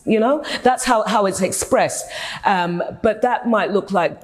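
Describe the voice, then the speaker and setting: Woman, therapist guest, reflective and earnest, average pitch. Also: measured pace. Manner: thoughtful and earnest, frequent restarts. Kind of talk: reflective interview talk.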